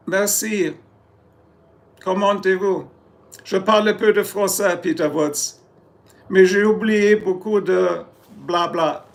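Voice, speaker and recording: A German man with a German accent, hosting a casual live stream, joking and rambling as he answers chat. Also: high-pitched. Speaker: livestream host.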